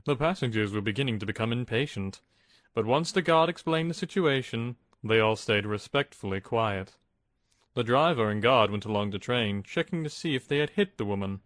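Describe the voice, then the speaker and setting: A man's voice: medium pitch, a bit bright, no room sound, clean studio sound. A man narrating a scripted storybook with a dramatic reading style.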